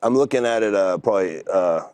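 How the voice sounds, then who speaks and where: A man's voice: lowish voice, fairly quick, a little mellow, clean tone. A young man, a podcast guest, telling a story in a laid-back, rambling way with lots of fillers. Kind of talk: casual storytelling.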